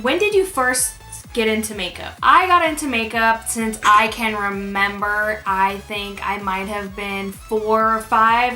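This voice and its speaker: A woman's voice: a little high, sharp tone. A young woman chatting casually in a Q&A vlog, rambling with fillers and restarts. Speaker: beauty YouTuber. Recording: echoey room with music behind.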